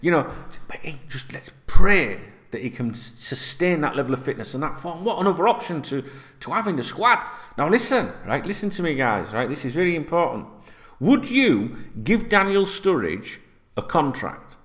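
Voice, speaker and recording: A man's voice: fairly high pitch, big pitch swings, normal speed, a bit bright. A middle-aged man, chatting casually as a football fan host, rambling and swearing freely.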